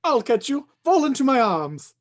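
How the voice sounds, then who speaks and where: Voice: sits high, sing-song, normal speed. An actor doing a flustered fussy butler. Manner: flustered, rising into shouts. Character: fussy, jittery male butler. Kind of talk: amateur live play reading.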